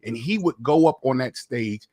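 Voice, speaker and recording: A man, a comedian, talking in a lively, emphatic way on a call-in panel discussion. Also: mid-range voice, moderate pace, dry recording. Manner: lively, emphatic, slips into impressions. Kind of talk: animated casual debate.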